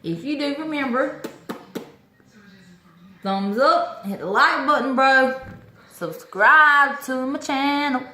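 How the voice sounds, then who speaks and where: A woman chatting excitedly to camera about her orchids, talkative, with lots of exclamations. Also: high-pitched, slow, pauses often, reverberant, slight background noise. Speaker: orchid-growing vlogger. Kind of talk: casual chat to camera.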